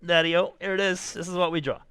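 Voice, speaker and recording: A man's voice: sits high, level tone, brisk, bright, forceful tone, clear, resonant tone, no room sound, studio quality. A man playing a proud four-year-old kid. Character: playful four-year-old child showing off a drawing.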